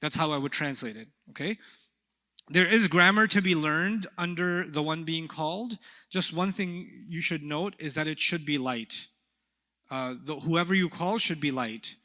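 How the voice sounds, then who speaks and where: Man, Arabic teacher, animated lecture, bright tone, long hall reverb. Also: a little high, a little slow. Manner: animated, playful, asks the class questions. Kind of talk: classroom lecture.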